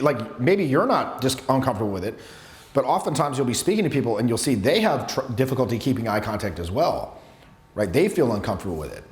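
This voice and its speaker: A man coaching a live workshop on social skills, talking in an animated, emphatic way with many restarts. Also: medium pitch. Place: seminar room with students. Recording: echoey room.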